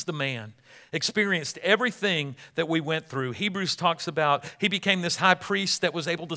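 A man preaching a sermon as pastor, dramatic, swinging between loud and hushed. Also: fairly high pitch. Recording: long hall reverb.

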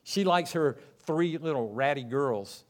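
A pastor with a slightly high voice delivers his sermon as lively, conversational storytelling. He acts out the people in his stories with quick, playful asides, and his pitch rises and falls often. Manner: animated storytelling, acting out characters in quick asides.

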